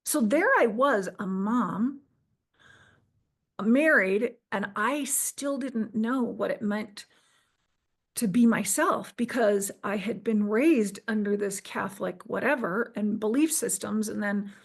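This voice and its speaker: A woman's voice: mid-range voice, slow pace. Earnest woman telling her story. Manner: earnest, restarts and quotes herself. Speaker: interview guest. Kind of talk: personal storytelling.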